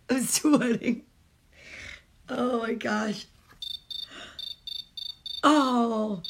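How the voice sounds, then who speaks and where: A middle-aged woman reading a picture book aloud to children, breaking off into gushing, emotional asides and excited gasps. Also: fairly high pitch, a little slow, pauses often, a little hiss or hum. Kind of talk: read-aloud storytime with casual chat.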